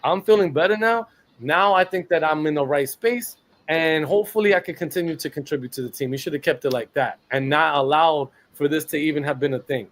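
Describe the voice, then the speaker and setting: Fired-up, profane New sports ranter. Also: male voice, fairly high pitch, fairly quick. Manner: blunt, profane, animated. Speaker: podcast co-host. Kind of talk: heated sports rant.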